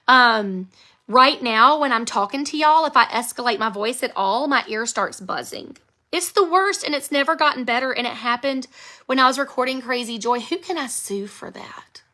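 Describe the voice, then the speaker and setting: On a casual phone live stream, an American author in her thirties giggles and reads viewer comments aloud. Her high-pitched voice comes across pushed and bright, carrying strain from an earlier vocal injury.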